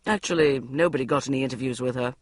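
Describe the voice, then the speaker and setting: A woman's voice: extremely low pitch, fast, no echo, voice pushed down. A woman voicing a cool, dry-witted male barrister who speaks icily and casually. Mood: icy, teasing. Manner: icy, casual, teasing.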